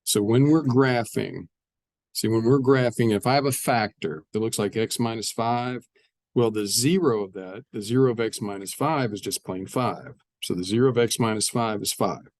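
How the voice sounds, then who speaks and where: A man's voice: fairly low pitch, moderate pace, darkish tone, dry recording. A man teaching a math lesson, explaining step by step and often repeating his phrases. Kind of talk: classroom math lecture.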